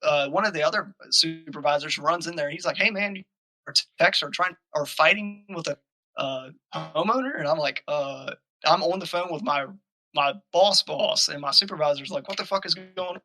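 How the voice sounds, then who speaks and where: A young man tells a story on a podcast. His voice is very bright and a touch high, and he swears constantly while acting out both sides of the argument. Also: normal speed, low-quality recording. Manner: profane, animated, acts out quoted arguments. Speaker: podcast guest telling a story. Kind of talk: casual storytelling.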